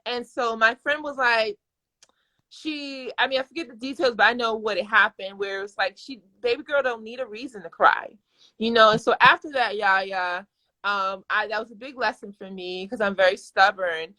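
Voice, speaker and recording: A woman's voice: medium pitch, steady tone, moderate pace, pushed and bright. A woman in her thirties hosting a live video chat, talking candidly and effusively, often restarting her sentences. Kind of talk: casual live-stream conversation. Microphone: phone or webcam on a live video call.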